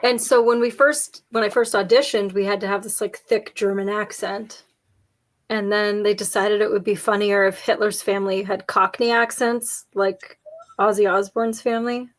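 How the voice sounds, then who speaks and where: A woman's voice: medium pitch, steady tone, moderate pace. A woman co-hosting a casual chat, telling jokey stories with lots of laughter. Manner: chatty, jokey storyteller, frequent laughs. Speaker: podcast co-host.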